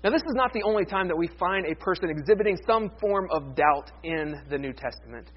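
A man preaching a conversational, animated sermon as pastor, with playful asides. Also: high voice, brisk, slightly rough, lo-fi sound.

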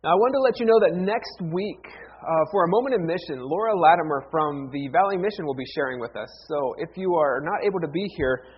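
A man's voice: a little high, brisk, husky, muffled recording. A man preaching a sermon as pastor, telling jokes in a folksy, storytelling manner. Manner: folksy, joking storyteller with lively acted quotes.

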